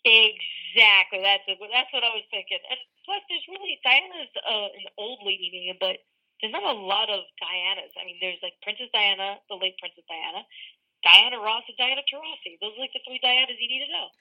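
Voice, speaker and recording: A woman's voice: mid-range voice, expressive. A woman sports reporter guesting on a podcast, telling stories in a playful, teasing way. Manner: playful, teasing, quick storytelling. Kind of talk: casual podcast chat. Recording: dull phone-line audio.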